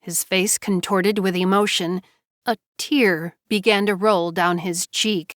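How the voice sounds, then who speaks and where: A woman narrating a novel with even, unhurried storytelling. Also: mid-range voice, no room sound, studio quality. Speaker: audiobook narrator. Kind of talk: scripted narration.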